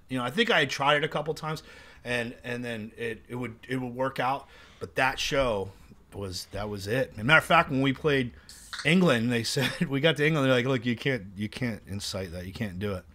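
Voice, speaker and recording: A man telling animated, profane tour stories in a casual chat. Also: mid-range voice, fairly quick. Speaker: guest musician.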